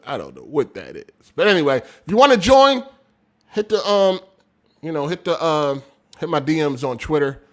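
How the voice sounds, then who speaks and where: A man hosting a casual gaming podcast livestream, reading viewer messages aloud, talking loud and animated, laughing often, in street slang. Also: on the high side, unhurried, pauses often. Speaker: podcast host reading super chats.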